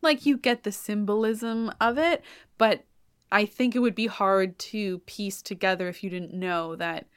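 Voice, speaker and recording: A woman hosting a podcast, chatty and animated, retelling an opera plot in casual talk full of "like". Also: medium pitch, unhurried, clear, resonant tone, no echo, clean studio sound. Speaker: podcast host.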